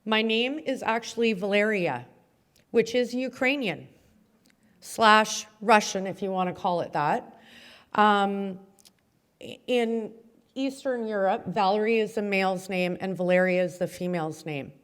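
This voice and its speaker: A woman's voice: mid-range voice, a little slow, smooth. A middle-aged woman mayor giving a heartfelt, chatty award-ceremony speech with many fillers.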